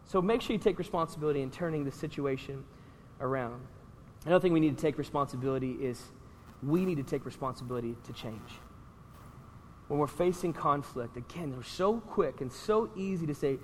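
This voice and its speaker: A man preaching a sermon as pastor, animated and conversational, often checking in with the congregation. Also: fairly high pitch, a little fast, big-room sound, slight background noise.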